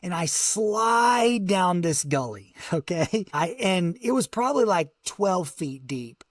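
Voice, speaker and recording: A male guest telling a survival story vividly, his voice dropping low and soft at the emotional moments. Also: sing-song, slow pace, no echo, clean studio sound.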